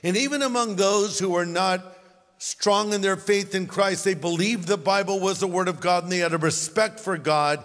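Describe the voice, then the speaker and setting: A pastor with a slightly high voice preaches to his congregation, breaking into folksy jokes and quick asides to the crowd. His voice carries a long reverb from a big church auditorium. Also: a bit bright, faint music behind. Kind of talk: sermon.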